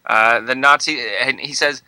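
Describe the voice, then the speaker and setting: A man's voice: medium pitch, steady tone, moderate pace, bright, forceful tone, smooth, dry recording, low-quality recording. A man co-hosting a podcast in casual chat, reading out his sarcastic, profane movie notes and laughing often. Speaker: podcast co-host.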